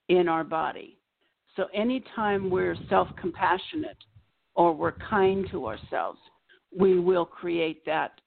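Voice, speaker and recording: A woman psychotherapist explaining ideas in a gentle, measured way as an interview guest, recorded over a remote call. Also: fairly low pitch, gravelly. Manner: gentle, measured, gives examples. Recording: tinny phone-like line.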